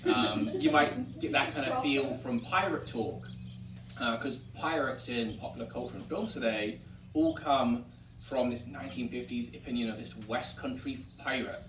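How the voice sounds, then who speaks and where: A man's voice: mid-range voice, moderate pace, a crowd in the background. A man from Wiltshire with an English accent, directing a historic site and casually teaching about old dialects, explaining points and acting out examples. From Wiltshire, England. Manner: explains and demonstrates accents with lively put-on examples. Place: historic tavern room. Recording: roomy distant mic, faint ambience.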